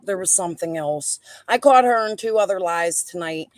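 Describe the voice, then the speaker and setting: A woman's voice: on the low side, normal speed, no echo. A woman, a guest on a livestream, talking in a tired, subdued way that trails off. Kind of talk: casual livestream chat.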